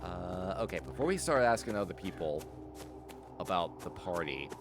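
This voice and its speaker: Chatty streamer with a lively voice. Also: male voice, deep voice, moderate pace, over music. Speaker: streamer playing a mystery game. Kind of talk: casual live-stream commentary.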